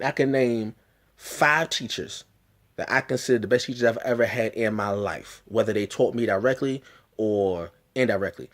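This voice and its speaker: Male vlogger, mid-range voice, earnest and emphatic storytelling with repeated restarts. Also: medium pitch. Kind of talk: personal storytelling.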